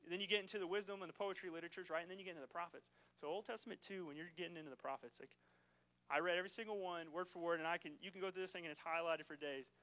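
A man with a high-sitting, steady voice races through a casual, conversational church sermon, his tone pushed and bright. He keeps asking the congregation "right?" to check in. The recording is rough.

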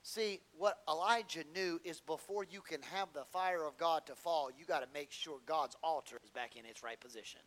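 High-voiced, bright male preacher. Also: moderate pace, hardly any pauses, rough recording. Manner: animated storytelling preaching, swinging from loud build-ups to low asides; folksy, colloquial delivery. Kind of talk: sermon.

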